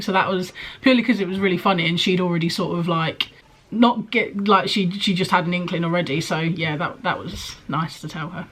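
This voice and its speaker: A woman's voice: lowish voice, fairly even intonation, brisk, hardly any pauses, fairly bright tone. A young woman, pregnant, chatting casually in a rambling way, with frequent ums and likes, as she answers questions for her vlog. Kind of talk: casual chat.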